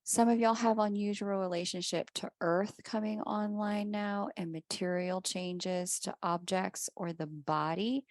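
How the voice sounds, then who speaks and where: A woman's voice: medium pitch, steady tone, unhurried, hardly any pauses, no echo, studio quality. A woman giving a casual spiritual talk as an astrologer and reader, chatty, often laughing and acting out the people in her stories.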